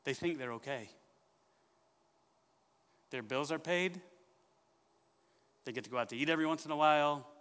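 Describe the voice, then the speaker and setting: A man preaching a sermon in church, telling a story with lively questions to the congregation. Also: fairly high pitch, normal speed, pauses often, clean tone, big-room sound. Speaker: pastor.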